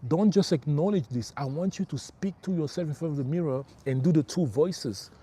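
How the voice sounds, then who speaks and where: Middle aged guy doing a late night motivational live, kinda husky voice, keeps repeating himself and saying bro. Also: on the high side, fairly quick, mellow. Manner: emphatic, repeats key phrases, calls listeners bro. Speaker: spiritual life coach. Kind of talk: motivational livestream talk.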